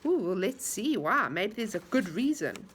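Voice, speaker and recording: Animated woman reading a storybook aloud. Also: medium pitch, normal speed, a little hiss or hum. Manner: animated, asking the child questions.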